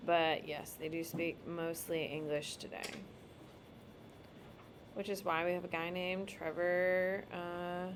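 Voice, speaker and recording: A woman's voice: fairly low pitch, little pitch movement, slow, slight background noise. A woman teacher giving a casual, emphatic classroom lecture while drawing on a map.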